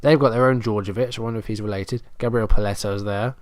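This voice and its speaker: A man's voice: lowish voice, fairly even intonation, quick pace, no echo, studio quality. A man casually commenting on his own football management game, muttering play-by-play and growing exasperated as his team struggles. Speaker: gaming commentator.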